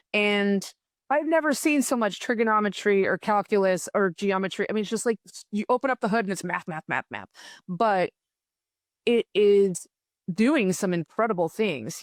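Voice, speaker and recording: A woman's voice: medium pitch, no echo, studio quality. A woman journalist talking casually and with enthusiasm, with many restarts and fillers. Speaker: journalist and writer. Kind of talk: casual conversation.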